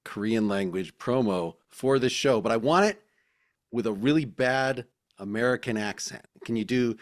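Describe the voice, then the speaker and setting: A man co-hosting a podcast, joking and talking in halting, restarting phrases. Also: mid-range voice, no echo, studio quality. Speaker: podcast co-host. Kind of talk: casual podcast chat.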